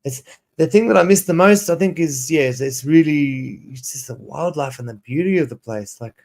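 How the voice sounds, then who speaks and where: A male ESL teacher and streamer from South Africa, in his thirties, chats in a loose, rambling way on a livestream with a raised voice, restarting sentences and reading prompts aloud. His voice is a little high and a little mellow, at normal speed.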